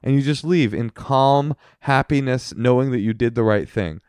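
A man co-hosts an advice podcast in a casual, animated way. He acts out quarrels with relatives in quick put-on voices, at a middling pitch. The recording is close and dry. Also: clear, resonant tone, no echo. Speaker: co-host giving advice.

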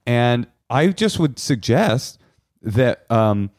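A man's voice: medium pitch, sing-song, takes it slowly, a little mellow, no room sound. A man co-hosting a podcast in casual comedic chat, teasing with dry sarcasm. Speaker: podcast co-host.

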